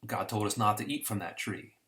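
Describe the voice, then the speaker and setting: A man's voice: lowish voice, expressive, fairly quick, a bit bright. A man voicing a woman who protests and refuses in a flustered way, close to his own voice. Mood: protesting.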